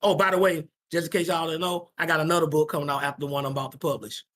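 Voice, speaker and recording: A man gives young people blunt, slang-heavy advice in a Sabbath class, informal preaching where he stresses everything and repeats each point twice. His voice is slightly high and fairly bright, with little pitch variation and a rapid-fire delivery.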